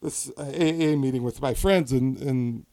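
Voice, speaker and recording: A man's voice: medium pitch, moderate pace, dark tone, close to an everyday voice. A man playing a wheedling grown son on the phone. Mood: cajoling. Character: grown son phoning his elderly father, ingratiating.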